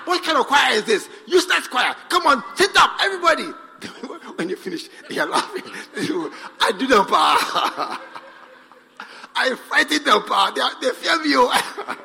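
A man preaching a sermon as pastor, acting out scenes with sudden shouts. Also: sits high. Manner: animated, acts out scenes, shouts for effect. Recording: long hall reverb with faint music.

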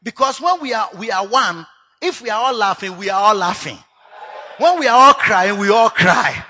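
A Ghanaian man preaching a sermon to a church conference, dropping to low asides and rising to loud shouts, mixing English with Twi phrases. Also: expressive, moderate pace. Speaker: pastor. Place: church conference hall with a congregation.

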